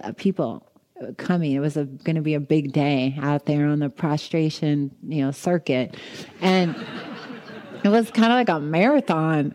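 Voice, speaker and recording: A woman giving a dharma talk, telling a personal story in an animated way and acting out her own thoughts with laughter. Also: deep voice. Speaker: meditation teacher.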